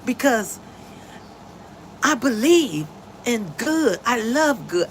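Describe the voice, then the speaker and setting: A woman's voice: on the high side, sing-song, slow pace, long pauses, a little hiss or hum, low-quality recording. A woman hosting a casual livestream from home, talking emphatically and a little preachy about faith and her friends, on a phone mic. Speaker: livestream host.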